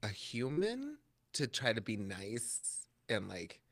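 A man on a podcast, retelling a story with lively swings in pitch and a bright, forceful tone. He jumps into high squeaky voices for quoted lines and laughs a lot. The sound is dry and close. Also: slow pace, dry recording. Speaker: podcast co-host. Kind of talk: casual chat.

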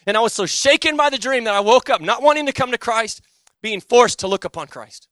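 Intense high-voiced preacher man. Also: expressive, fairly quick, no room sound, clean studio sound. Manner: swings from loud urgent pleading to quiet low intensity. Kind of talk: sermon with personal testimony.

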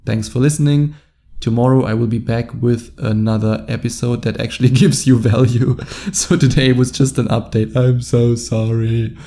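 A man with a German accent talks in a loose, rambling monologue, chuckling between phrases. His voice is very dark and mellow, pitched at an ordinary middle. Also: steady tone, normal speed. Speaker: dating coach. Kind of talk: casual podcast monologue.

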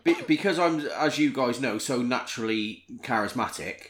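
Brief: Bristol man, animated pitch, self-mocking podcast banter. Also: normal speed. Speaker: podcast co-host. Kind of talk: casual banter among friends.

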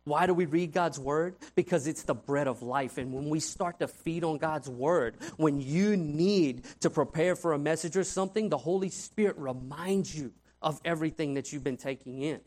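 A man's voice: fairly high pitch, normal speed, few pauses. A man preaching a conversational sermon as a youth pastor, telling stories animatedly and asking "right?" often. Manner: animated storytelling, frequent "right?" asides.

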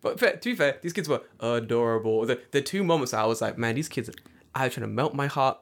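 A man tells a story in a relaxed, casual chat. He swears freely and acts out the other people in it with lively put-on voices. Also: mid-range voice, a little fast. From United Kingdom. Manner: animated, profane storytelling with acted-out voices.

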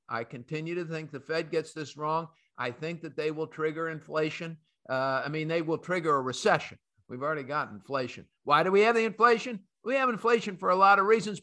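A man's voice: a little high, bright, forceful tone. An American man hosting a market commentary podcast, emphatic and opinionated, talking straight to his listeners. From United States. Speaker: podcast host.

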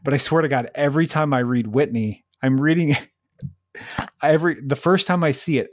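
A man's voice: a little high, normal speed, no echo, studio quality. A man co-hosting a podcast, chatting casually and joking, laughing often. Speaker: podcast co-host. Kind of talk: casual chat.

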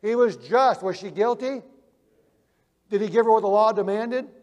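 A male preacher telling vivid illustrations, swinging from loud emphasis to hushed quiet. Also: high-pitched, moderate pace, long reverb tail, muffled recording. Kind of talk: sermon.

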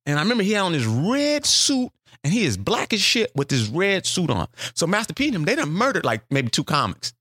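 A man telling a profane story in a loose, animated way, jumping up in pitch to act out the people in it. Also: fairly quick, dry recording, clean studio sound. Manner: animated, profane, acts out quotes with big pitch jumps. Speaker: comedian telling a story as a podcast guest. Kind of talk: casual storytelling.

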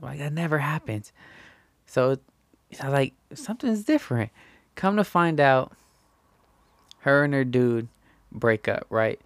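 A young man telling a rambling, slangy story, often tagging "right?" and jumping high in pitch when he quotes himself. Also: no room sound. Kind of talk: casual anecdote.

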